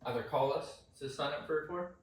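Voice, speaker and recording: A man's voice: fairly high pitch, fairly quick. A man in casual business chat, joking and profane. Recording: very echoey room, distant mic.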